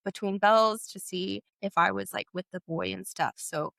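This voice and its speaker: A woman's voice: mid-range voice, steady tone, moderate pace, creaky, a bit bright, dry recording. A young woman from Texas, a guest in an interview, tells her personal story in a casual way. She speaks loosely, with lots of "like", and acts out bits of past dialogue. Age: young adult.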